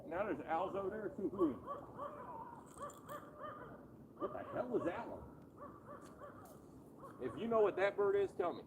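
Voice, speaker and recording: A man's voice: sits high, lively intonation, moderate pace, long pauses, noisy background. A man casually chatting with viewers during a live fishing stream, talking in a laid-back, joking way, recorded outdoors on a riverbank at night on a phone.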